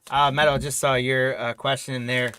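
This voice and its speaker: A man hosts a live card break, listing buyers and teams in a loose, chatty way while he rips open packs. His voice sits at an ordinary middle pitch and he has the hiccups. Faint crinkling of wrappers runs behind him. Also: sharp tone, a little hiss or hum, poor audio. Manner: rattles off names and teams while opening packs. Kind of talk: live-stream casual talk.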